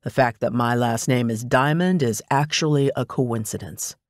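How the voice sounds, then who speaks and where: A man reads a wry male detective's lines in an audiobook, with a plain, unhurried, mid-range, medium-pitched voice. The delivery is matter-of-fact with a teasing edge and lightly acted, recorded in a dead-dry studio with no room sound.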